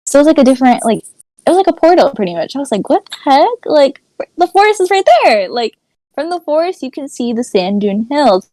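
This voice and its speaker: Teen girl co-host, lively rambling storyteller, dry recording. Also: on the high side, dry recording, rough recording. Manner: animated storytelling, many "like" fillers. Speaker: podcast co-host. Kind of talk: casual chat.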